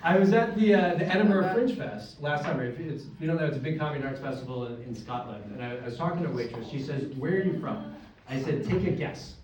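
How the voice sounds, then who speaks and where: A man's voice: medium pitch, fast, few pauses, dull audio. A young American man doing a stand-up set, with dry, self-deprecating punchlines and banter with the crowd. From United States. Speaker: stand-up comedian. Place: comedy club stage, live audience. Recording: echoey room, distant mic, loud noise.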